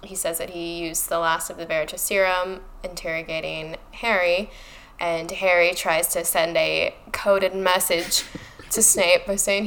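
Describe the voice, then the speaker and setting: Animated sarcastic woman co-host. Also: lowish voice, unhurried, a little hiss or hum. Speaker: podcast co-host. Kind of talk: casual chat recapping a book.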